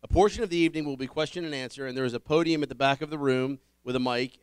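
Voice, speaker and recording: A man's voice: medium pitch, rapid-fire, clear, resonant tone, no echo. A man hosting a public dinner forum, welcoming the audience, giving ground rules and introducing panelists. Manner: upbeat, addressing a dinner audience. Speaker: event host. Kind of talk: public event announcements.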